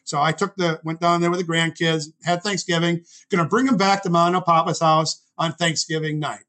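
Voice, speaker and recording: Older guy in his 60s, high bright voice, rambly storyteller, keeps correcting himself. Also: flat delivery, brisk, poor audio. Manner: rambling, self-correcting anecdotes; acts out quoted voices. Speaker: guest. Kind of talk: storytelling in conversation.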